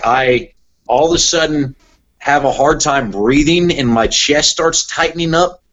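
A young man in casual podcast chat, an animated storyteller who says "like" a lot, talking about sports. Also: medium pitch, lo-fi sound. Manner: animated storyteller, heavy use of "like". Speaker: podcast guest, sports broadcaster.

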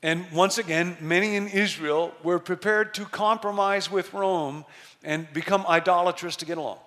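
A middle-aged male pastor preaching a sermon, telling a story with emphasis and slowing down to stress key words. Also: high-pitched, steady tone, a bit bright.

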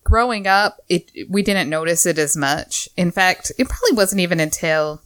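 A woman co-hosting a podcast, speaking reflectively in halting casual chat. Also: on the low side, expressive, a bit bright, smooth, no room sound. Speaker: podcast co-host.

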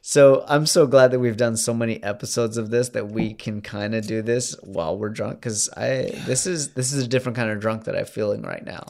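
A man co-hosting a podcast in casual chat, drunk, giggly and loud. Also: mid-range voice, brisk, vocal fry, hardly any pauses. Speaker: podcast co-host.

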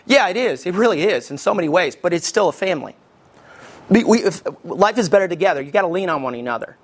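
A middle-aged man from Alabama with a Southern American accent, preaching a sermon as pastor in a conversational, lively way and talking straight to his congregation. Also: high voice, fast. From Alabama, USA.

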